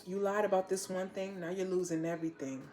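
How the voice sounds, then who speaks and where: A woman's voice: fairly low pitch, flat delivery, fast talker, warm tone, slight background noise. Blunt, slangy woman reading tarot. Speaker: tarot reader.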